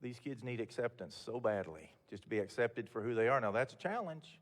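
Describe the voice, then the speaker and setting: An older man with a medium-pitched, expressive voice speaks fairly quickly as a guest speaker, giving a motivational talk to a room of mentors. His storytelling is folksy and candid, and he often restarts his sentences. A long reverb from the event hall follows his words.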